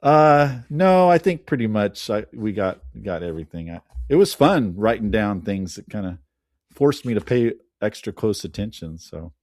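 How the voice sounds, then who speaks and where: A man's voice: lowish voice, very animated, moderate pace, a little mellow, dry recording, studio quality. A man chatting as a podcast guest, telling film trivia with enthusiasm. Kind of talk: casual chat.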